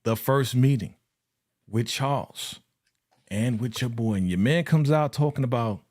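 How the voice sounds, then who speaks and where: Speaking at a measured pace in a mid-range voice, this man runs a live TV episode review show. He's animated and slangy, often laughing, acting out quotes and addressing viewers straight on.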